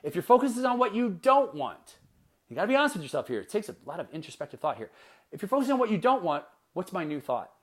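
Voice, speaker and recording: High-voiced man giving a punchy pep talk. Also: quick pace. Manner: energetic, punchy, repeats rhetorical questions. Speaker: podcast host and life coach. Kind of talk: motivational podcast monologue.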